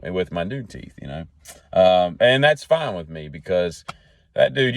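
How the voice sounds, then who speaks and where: Rambling man with a low voice. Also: no room sound. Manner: jokey, tangent-jumping, folksy. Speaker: podcast host. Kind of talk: rambling solo monologue.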